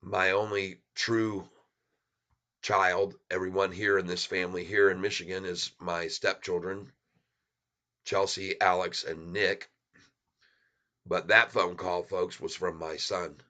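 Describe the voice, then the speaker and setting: A man's voice: deep voice, little pitch movement, slow, pauses often, bright, forceful tone. A man hosting his own channel, talking to viewers in a folksy, rambling, heartfelt way from his home. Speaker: channel host. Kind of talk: casual chat to viewers. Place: home in Michigan.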